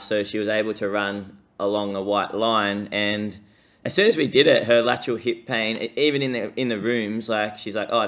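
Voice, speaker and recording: Low steady guy hosting a podcast, chill, lots of ums. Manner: relaxed, hesitant with ums. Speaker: podcast host, physiotherapist. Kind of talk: casual interview chat.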